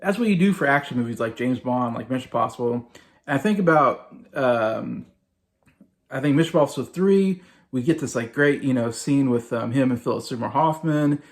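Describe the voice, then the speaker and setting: A man's voice: mid-range voice, normal speed. A man in his forties giving a casual, rambling movie review, full of fillers and repetition. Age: 40s. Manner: rambling, filler-heavy, repeats himself.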